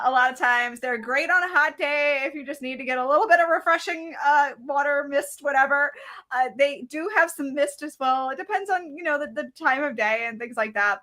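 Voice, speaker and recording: Woman podcast co-host, high bright voice, upbeat casual chat.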